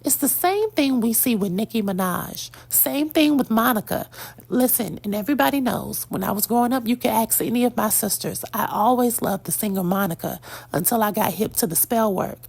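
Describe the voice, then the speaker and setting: A woman delivers opinionated celebrity gossip commentary, blunt and sassy, lecturing her listeners. Her voice is fairly high, with a gravelly, husky edge. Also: expressive, moderate pace, a little mellow. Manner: blunt, sassy, preachy, addresses "girl" and "y'all".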